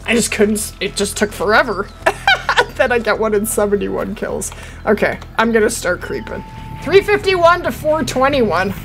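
A young woman live-streaming a hunting game, chatting with her viewers and getting excitable. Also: a little high, normal speed, loud music behind the voice. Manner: excitable, chatty, talking to chat. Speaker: gaming streamer.

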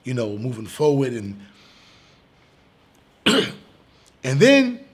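Man, comedian, husky voice, middle pitch, casual storytelling, animated, swears, loud bursts. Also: slow pace. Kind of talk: storytelling in an interview.

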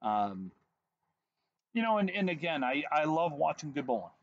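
A man's voice: fairly high pitch, very animated, normal speed, a little hiss or hum. A man in his forties co-hosting a podcast, chatting casually on an outdoor deck in a wry, teasing way. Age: 40s. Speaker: podcast co-host. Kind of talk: casual chat. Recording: dull lo-fi sound.

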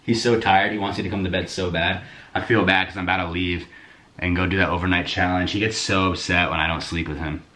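A young man chatting casually to camera at home, rambling and excitable, swearing freely. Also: low voice, quick pace. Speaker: YouTuber. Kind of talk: casual vlog chat to camera. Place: indoors at home, bedroom.

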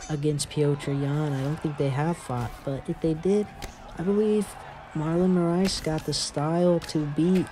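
Excitable man commentating a fight game. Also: on the high side, slight background noise. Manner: excitable, laughs and exclaims during play. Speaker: gaming channel host. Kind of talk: casual let's-play commentary.

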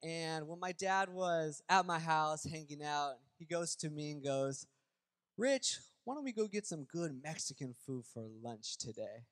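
Male church pastor with a high voice, soft in prayer, rising to emphatic preaching. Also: lively intonation, unhurried, smooth, big-room sound. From Southern California. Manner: prays softly, then preaches with rising force; storytelling, acts out dialogue. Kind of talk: sermon.

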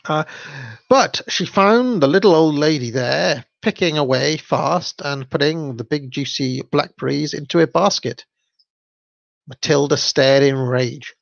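A man hosts a livestream, reading stories aloud and breaking off to chat in a hesitant, easygoing way. His voice has a gravelly edge. The audio is dull and dry. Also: fairly high pitch, measured pace, no room sound. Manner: chatty, hesitant, with fillers and laughs. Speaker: channel host. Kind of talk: livestream story reading with commentary.

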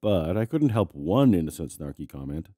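A man's voice: deep voice, sing-song, moderate pace, warm tone, no room sound. A man hosting a commentary show, who narrates a scripted video in a dry, snarky way while sick and congested. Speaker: host.

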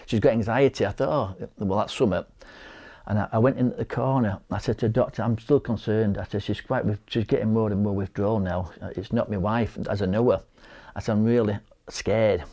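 Interviewed about losing his wife, a middle-aged Yorkshireman offers personal testimony in a low, dark voice with a steady tone. He speaks haltingly, tripping over and repeating words, and performs the conversations he describes.

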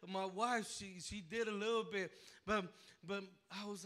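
A man preaching a personal testimony to a church, emotional and full of repeated words and restarts, rising to near shouting at the high points. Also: fairly even intonation, a little slow. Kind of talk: sermon testimony. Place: church sanctuary.

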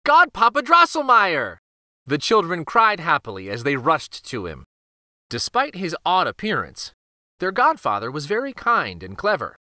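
A man hosting a children's read-aloud channel, reading a picture book in an expressive, lively storytelling way. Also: fairly high pitch, moderate pace, dry recording, studio quality.

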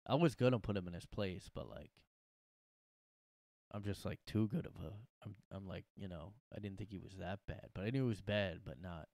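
A man's voice: deep voice, moderate pace, gravelly, darkish tone, no room sound, clean studio sound. A young man hosting a comedy podcast from his room, rambling in a sarcastic, profane way. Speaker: podcast host. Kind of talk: casual comedic monologue.

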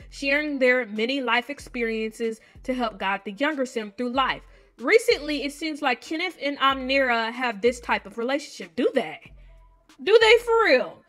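A woman hosting a gaming video, chatting casually to viewers and reading game text aloud in an expressive way. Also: high-pitched. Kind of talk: casual let's-play commentary to viewers.

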